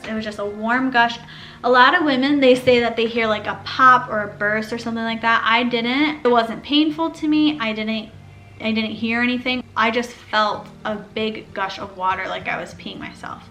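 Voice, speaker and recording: A young woman casually telling her own birth story, chatty and animated, acting out what others said. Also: a little high. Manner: chatty, animated, acts out quoted speech.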